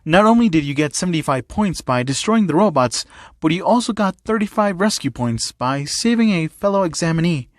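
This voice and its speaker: A man voicing a patient, fatherly school principal with a calm, measured manner. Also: fairly high pitch, no echo, studio quality, close to an everyday voice.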